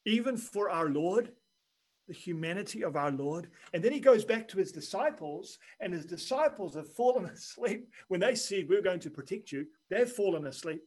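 A man preaching a sermon in an earnest, measured way, dropping quiet and then rising for emphasis. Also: high voice, animated, husky, low-quality recording. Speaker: pastor.

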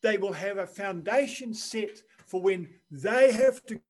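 A man preaching a sermon in an earnest, measured way, dropping quiet and then rising for emphasis. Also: sits high, animated, low-quality recording. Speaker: pastor.

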